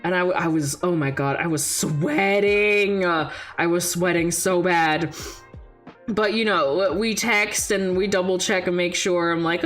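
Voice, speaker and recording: Animated young woman telling a story. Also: a little slow, faint music behind. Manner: animated, jumps high when quoting people, laughs often. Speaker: VTuber streamer. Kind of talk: casual storytelling chat.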